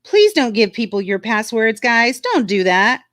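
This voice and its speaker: A woman's voice: a little high, sing-song, a little slow, fairly bright tone, no echo, clean studio sound. A woman casually chatting on a livestream, frank and talkative, reading viewer comments aloud. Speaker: livestream co-host reading chat.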